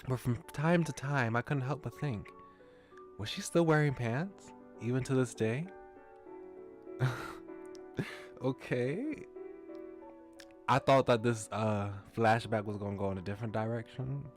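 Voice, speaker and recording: A man's voice: medium pitch, measured pace, long pauses, soft background music. A man streaming a visual novel, reading it aloud with chuckling, musing asides. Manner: chuckling, musing asides between read lines.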